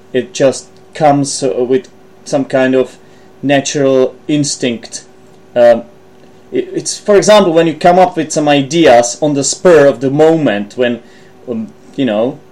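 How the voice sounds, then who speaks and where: A man at an ordinary mid pitch hosts a solo English-learning podcast. He works through words slowly, with plenty of ums, restarts and self-corrections. He reads partly from notes but tries to sound offhand. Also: darkish tone. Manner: hesitant, thinking aloud with many ums and self-corrections; partly reading from notes while aiming to sound natural. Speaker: English teacher and podcast host. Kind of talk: solo educational podcast explaining vocabulary.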